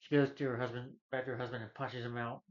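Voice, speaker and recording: A man's voice: medium pitch, flat delivery, fast talker. A young man casually recapping a movie, rambling with lots of "you know" fillers. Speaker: movie reviewer. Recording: slightly dull lo-fi recording.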